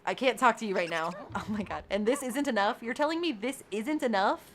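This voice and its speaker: A young woman streaming a life-sim game, chatting to her viewers and often squealing with excitement. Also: a little high, brisk, slight background noise. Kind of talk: gaming livestream chat. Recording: faint background game music.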